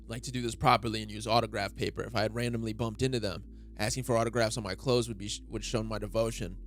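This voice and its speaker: A man's voice: lowish voice, steady tone, fast, soft background music, close to an everyday voice. A man voicing an earnest, starstruck young male fan, reading manga dialogue aloud.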